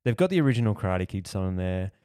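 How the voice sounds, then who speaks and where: An Australian man on a podcast, rambling casually with plenty of "like" and "you know". His voice sits fairly low and the sound is dry and close. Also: big pitch swings, rapid-fire, warm tone, clear, resonant tone, no echo. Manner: rambling, lots of likes and you-knows. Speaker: podcast host. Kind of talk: casual chat.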